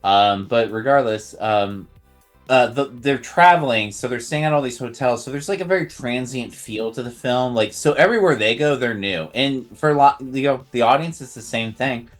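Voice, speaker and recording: A man co-hosting a podcast in casual chat, halting with many uhs and restarts. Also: medium pitch, faint music behind. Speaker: podcast co-host.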